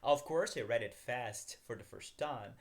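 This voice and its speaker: A man's voice: medium pitch, unhurried, gravelly. A man teaching a beginners' language lesson, upbeat, calling his viewers guys and asking them to repeat after him.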